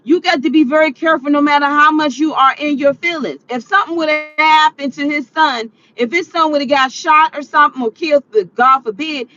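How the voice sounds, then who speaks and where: A woman vlogger delivering ranting commentary, animated and exclaiming, often laughing. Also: high voice, fairly quick, hardly any pauses, muffled recording.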